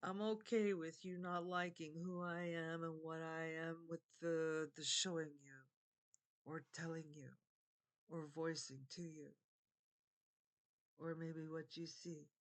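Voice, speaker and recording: An older woman speaks straight to her viewers in an earnest, heartfelt monologue. She talks at an unhurried, drawn-out pace, often circling back and repeating herself. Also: low-pitched, level tone. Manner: earnest, meandering, repeats phrases. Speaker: vlogger. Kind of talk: heartfelt spoken monologue to camera.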